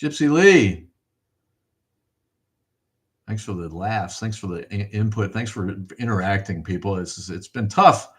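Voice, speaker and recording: A middle-aged livestream host reads viewer comments in casual chat, thanking people and going off on profane, rambling rants. He has a fairly low voice with a fairly bright tone, speaking at a moderate pace with hardly any pauses.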